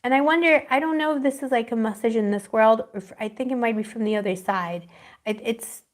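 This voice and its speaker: A woman's voice: a little high, fairly quick. A woman giving a live tarot reading, rambling and affectionate, calling her viewers pet names and searching dreamily for her words. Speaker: tarot reader.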